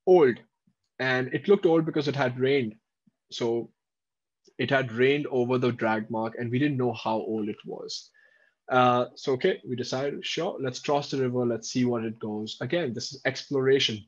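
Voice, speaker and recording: A man with a medium voice tells a safari story to his livestream viewers, animated and chatty, breaking off to answer their comments. The audio is dull and lo-fi, like a laptop stream. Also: mid-range voice, breathy edge. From India. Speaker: wildlife presenter.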